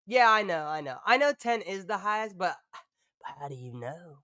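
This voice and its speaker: A woman's voice: mid-range voice, sing-song, moderate pace, fairly bright tone, no echo, clean studio sound. Profane, rambling woman streamer. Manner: rambling and profane, laughs often. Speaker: live-stream host. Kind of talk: casual live-stream chat.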